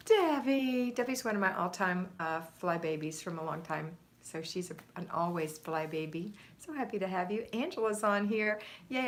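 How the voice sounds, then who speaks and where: Casting: American woman, livestream host, chatty and friendly in tone, a bit breathless, average pitch. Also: slight background noise. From United States. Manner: chatty, reads viewer comments aloud and greets them by name. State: slightly out of breath. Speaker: home organizing coach hosting a livestream. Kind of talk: casual livestream chat.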